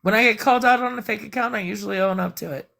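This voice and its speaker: A woman's voice: medium pitch, very fast, vocal fry, fairly bright tone. A woman chatting bluntly and profanely on a live stream, rambling as she vents. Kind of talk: casual venting chat.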